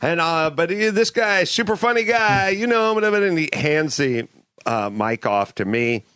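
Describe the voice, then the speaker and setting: A man hosting a podcast, telling a casual story and acting out the people he quotes with lively voices. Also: fairly high pitch, measured pace, clear, resonant tone, dry recording, clean studio sound. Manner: animated, acts out quotes in other voices. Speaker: podcast host. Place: ship cabin.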